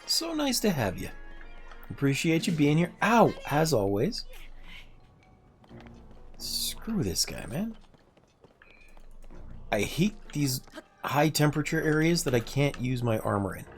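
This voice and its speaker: Chatty gaming streamer, lively voice. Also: male voice, slow pace, long pauses, soft background music. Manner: chatty, joking, reading and answering chat while playing; drops to low muttering when focused on the game. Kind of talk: casual gameplay livestream chat.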